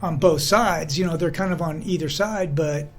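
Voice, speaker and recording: A man's voice: a little high, normal speed, soft background music. A man co-hosting a podcast, telling stories in a rambling casual chat, peppering his talk with "you know". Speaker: podcast co-host.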